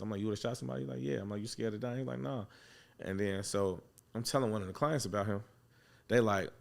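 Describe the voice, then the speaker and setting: A man hosting a barbershop talk, speaking bluntly and profanely in casual chat and telling stories with animated put-on voices. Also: lowish voice, a little fast, creaky. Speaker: barbershop owner and host.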